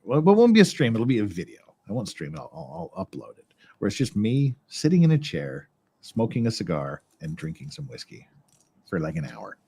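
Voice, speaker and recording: Husky guy rambling on stream while he builds lego, pitch all over the place. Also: wildly swooping pitch, fairly quick, mellow. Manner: rambling, joking, swearing, talks to himself while building. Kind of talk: casual live-stream chat.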